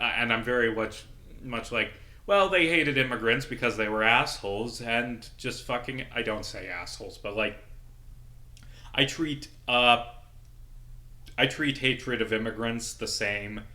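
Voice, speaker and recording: Young guy ranting and swearing a lot, super bright sharp voice, casual gameplay vlog. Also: fairly low pitch. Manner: angry, profane ranting. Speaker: vlogger and local journalist.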